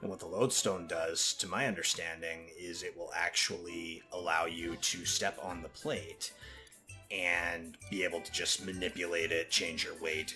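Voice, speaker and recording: A man hosting a gaming video, casually explaining as he plays in a relaxed way. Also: sits low. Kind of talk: casual let's-play narration.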